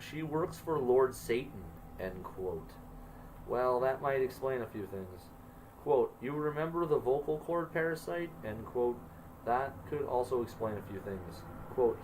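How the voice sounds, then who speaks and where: A man's voice: medium pitch, a little mellow, far from the mic, a little hiss or hum, rough recording. Man reading his journal aloud. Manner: reads stiffly then breaks into loose swearing asides. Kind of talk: casual reading aloud with offhand asides.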